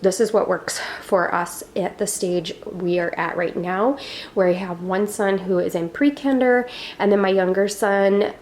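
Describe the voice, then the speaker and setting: A young homeschooling mom who vlogs gives a casual home tour of her living room, rambling with fillers and asides and sounding slightly out of breath. Her mid-range voice is a little mellow, with a faint hiss or hum in the recording.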